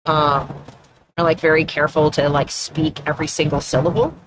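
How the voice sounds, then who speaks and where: A woman's voice: deep voice, little pitch movement, brisk, noisy background. Chatty woman with an Atlantic Canadian accent. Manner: rambling and chatty, often trailing off and restarting. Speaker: streamer. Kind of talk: casual chat while gaming on a live stream.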